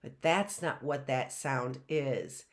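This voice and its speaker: A woman teaching a live phonics lesson, sounding out letters and answering her own questions, often asking "right?". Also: a bass voice. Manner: asks the class and answers herself, sounding out letters; drawn-out, repeated sounds and frequent "right?".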